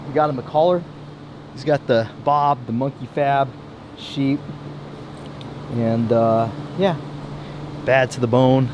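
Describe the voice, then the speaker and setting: A man's voice: medium pitch, fairly even intonation, slow, long pauses, darkish tone, a little hiss or hum. A man chatting casually in his home welding shop, rambling with lots of fillers and restarts. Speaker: vlogger showing his shop. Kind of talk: casual vlog chat.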